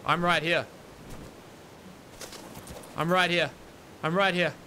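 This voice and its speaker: A man's voice: a little high, steady tone, slow pace, pushed and bright, a little hiss or hum. A young man commentating his survival game, panicked and exasperated, repeating himself. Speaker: gaming YouTuber. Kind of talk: let's play commentary.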